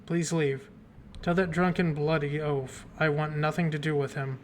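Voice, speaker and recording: A man's voice: on the high side, flat delivery, normal speed, a little hiss or hum, natural voice. A man reading game dialogue aloud as a fussy, guarded older woman librarian who calls people dearie. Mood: angry. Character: prim, jumpy older woman librarian hiding secrets. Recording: game music playing behind.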